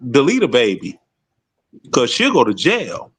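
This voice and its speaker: A man on a live panel show, talking casually with lively, animated delivery and stammered starts. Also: medium pitch, measured pace, crowd noise.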